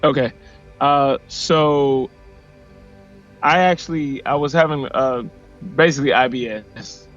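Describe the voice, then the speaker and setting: A man in his forties from Missouri, a podcast guest telling a personal story in a lively, casual way and acting out what people said. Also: mid-range voice, takes it slowly, pauses often. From Missouri, USA. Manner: animated, acts out quoted dialogue. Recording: dull lo-fi audio with faint music.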